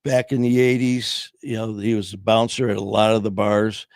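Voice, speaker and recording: His voice is on the low side, level and at a moderate pace: a Michigan podcast host in his sixties telling loose, cuss-laden stories stuffed with "man" and "you know." This casual storytelling interview is studio-quality with no echo, recorded on a streaming podcast mic.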